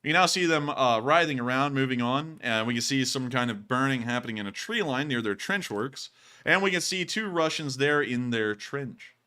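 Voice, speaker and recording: The host of a war footage commentary show talks casually over video clips, joking, sarcastic, and quick to laugh. His medium-pitched voice is bright, forceful, and clean.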